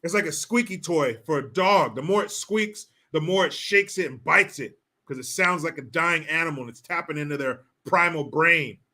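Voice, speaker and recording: A man's voice: on the high side, moderate pace, hardly any pauses, bright, forceful tone. Crude, mocking male ranting host. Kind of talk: political commentary livestream.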